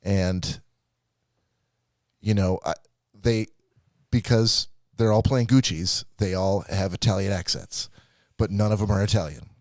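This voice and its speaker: A man with a lowish voice rants through a movie review on a podcast, swearing and laughing as he goes. His voice sits close and dry on the mic. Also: a little slow, pauses often, a little mellow, no room sound. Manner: ranting, profane, laughing storyteller. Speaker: podcast co-host. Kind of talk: casual chat.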